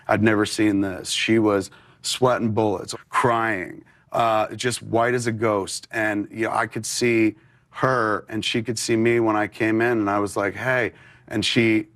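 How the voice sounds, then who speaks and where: A man's voice: fairly low pitch, level tone, a little slow, fairly bright tone. A man in his forties, an interview guest, telling a personal story candidly with many fillers.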